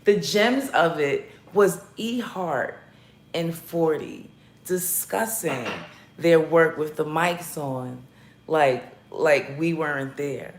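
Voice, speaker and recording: A woman's voice: sits low, slow pace, slight background noise. A woman hosting a casual livestream, chatting with her viewers in a blunt, profane and playful way. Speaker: livestream host talking battle rap. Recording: roomy echoey room.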